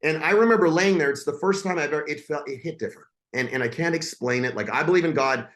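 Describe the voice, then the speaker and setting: A man's voice: on the high side, fast, a bit bright. A man in his forties, a podcast guest, telling a personal story in a blunt, intense and profane way.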